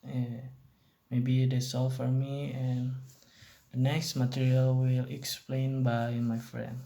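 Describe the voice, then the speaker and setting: A young man with an Indonesian accent works slowly through an amateur class presentation. His voice is mellow and dark and stays flat. He hesitates, corrects himself and repeats words as he goes. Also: medium pitch, gravelly. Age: young adult. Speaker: student presenter.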